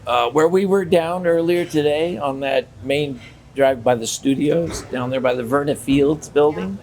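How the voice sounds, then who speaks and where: An older man who performs as a theme park character speaks at a measured pace in a fairly high voice, with slight background noise. In a casual interview he tells stories animatedly, acting out the dialogue.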